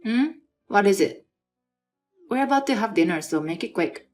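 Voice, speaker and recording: A woman plays a husband who leans on his wife with pleading requests and offhand dismissals. The pitch sits at a middle height and the delivery stays unforced. Soft music runs quietly beneath. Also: lively intonation, normal speed, close to an everyday voice. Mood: dismissive. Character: adult male husband, demanding and evasive. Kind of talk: dramatized story reading.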